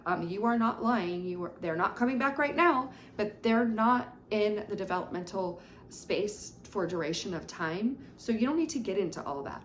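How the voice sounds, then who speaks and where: A woman's voice: medium pitch, expressive, unhurried, a little hiss or hum. A woman early childhood educator giving instructional talk in a conversational way. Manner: conversational, with frequent fillers. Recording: roomy echo.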